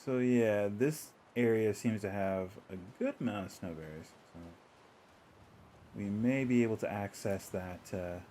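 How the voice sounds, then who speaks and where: A man's voice: lowish voice, unhurried, dark tone, a little hiss or hum. Easygoing man chatting through his gameplay. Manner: chatty, talks to himself and the game, chuckles often. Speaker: streamer playing a video game. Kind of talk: casual gameplay commentary.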